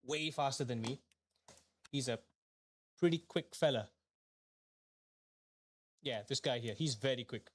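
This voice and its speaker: A man's voice: mid-range voice, unhurried, long pauses. A young man, streaming a sim race and venting aloud in repeated questions and mumbled asides. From Malaysia. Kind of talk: live gaming stream commentary.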